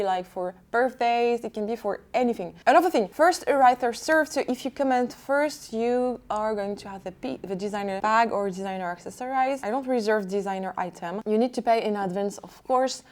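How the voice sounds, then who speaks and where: A woman's voice: medium pitch, fairly quick, hardly any pauses, darkish tone. A woman in her twenties with a French accent, speaking English as a second language and presenting items in an enthusiastic casual vlog. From France. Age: 20s. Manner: enthusiastic, fond of repeating words, non-native phrasing. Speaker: vlogger selling secondhand luxury goods. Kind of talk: casual product showcase vlog.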